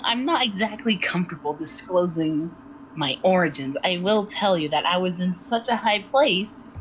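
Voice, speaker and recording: A woman playing a proud, guarded adventurer born in hell, speaking in a measured way. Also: lowish voice, highs cut off, slight background noise.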